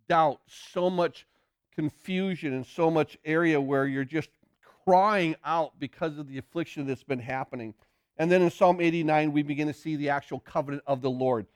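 A man preaching a sermon, earnest, often repeating words as he builds a point, and slowing down to read scripture aloud. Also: on the high side, clean tone, dry recording, clean studio sound. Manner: reads scripture slowly and deliberately. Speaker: pastor.

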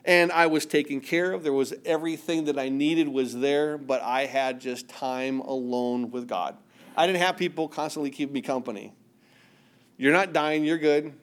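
A middle-aged man preaching a sermon, earnest, often repeating words and dropping to a hush for emphasis. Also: mid-range voice, moderate pace, clean tone. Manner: earnest, repeats words, swings between loud emphasis and hushed quiet. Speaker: pastor.

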